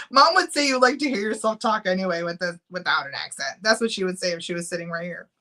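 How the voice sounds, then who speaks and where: A woman's voice: mid-range voice, wildly swooping pitch, brisk, bright, forceful tone. A middle-aged woman chatting casually on a live stream, giggling often and reading out viewer names while she runs a giveaway.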